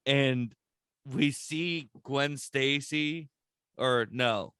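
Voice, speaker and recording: A young man hosting a podcast in casual chat, excitable and profane, rambling with lots of restarts. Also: mid-range voice, extremely slow, clean tone, dry recording.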